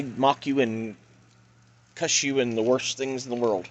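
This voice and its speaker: A man delivering an urgent, pleading monologue that swings between loud outbursts and hushed warnings. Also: mid-range voice, fairly even intonation, normal speed, no echo. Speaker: vlogger. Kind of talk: impassioned monologue.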